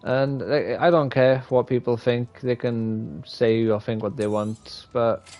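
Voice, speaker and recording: Rambling, profane gamer. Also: male voice, medium pitch, steady tone, slow, darkish tone. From Wales. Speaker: streamer. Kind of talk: live gameplay commentary.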